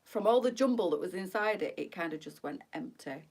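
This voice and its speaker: A woman's voice: on the low side, lively intonation, a little fast, a little mellow, husky. A middle-aged woman, chatting casually and bubbling with laughter as she hosts a live stream. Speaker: boutique live-stream host.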